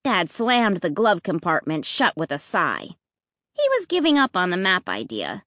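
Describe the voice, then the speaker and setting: An audiobook narrator, a woman with a lowish voice, reads a spooky children's story expressively in the first person, like storybook narration. She speaks at a normal speed, and the recording is dry with clean studio sound.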